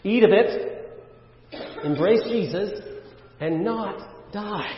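A man's voice: high-pitched, slow pace, pauses often, slight background noise. Male pastor preaching in an echoey church. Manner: earnest preaching, rhetorical questions, frequent "uh" fillers. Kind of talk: sermon. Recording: dull, roomy church recording with long reverb.

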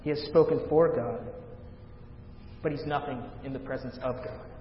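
A male pastor preaching a sermon, rising loud on scripture readings and dropping to a hush at the ends of points. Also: steady tone, moderate pace, slight background noise. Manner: dramatic swells of volume on scripture, hushed low endings. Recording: echoey hall, dull lo-fi sound.

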